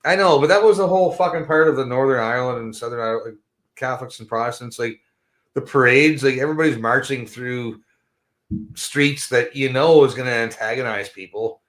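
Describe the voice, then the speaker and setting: A Canadian man hosting a podcast, high and rambling in casual, profane chat with frequent laughs. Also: fairly quick, fairly bright tone.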